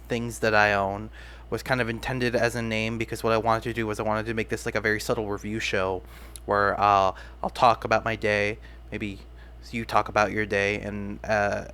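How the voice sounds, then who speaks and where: A young man talks alone on his podcast in a loose, unscripted ramble, often stopping to restart his sentences. His voice sits a little on the low side. He sounds self-deprecating and casual throughout. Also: a bit bright, smooth. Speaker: podcast host. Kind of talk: casual solo podcast talk.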